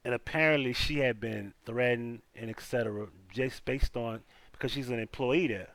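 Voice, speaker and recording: A man's voice: mid-range voice, normal speed, fairly bright tone, dry recording. A man hosting a live stream, reading out news and talking loosely to his chat, often repeating himself. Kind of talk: casual news commentary.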